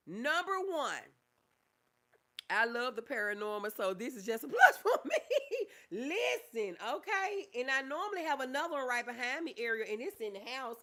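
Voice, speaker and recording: A woman's voice: on the high side, big pitch swings, normal speed, sharp tone. A woman, a therapist hosting a casual livestream, reading viewer comments aloud and calling them baby. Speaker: livestream host, mental health therapist.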